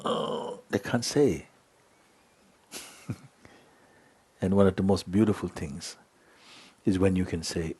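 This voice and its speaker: A man giving a spiritual talk, telling a story in an unhurried way with many hesitations. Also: low-pitched, expressive, dark tone, slightly rough. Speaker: spiritual teacher.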